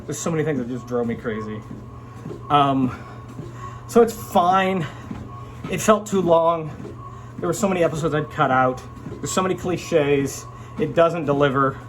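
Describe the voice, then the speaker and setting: A man's voice: on the high side, a little slow, pauses often, a little hiss or hum. A man casually reviewing a show he watched, rambling and frank, with lots of fillers and restarts. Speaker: vlogger reviewing an anime.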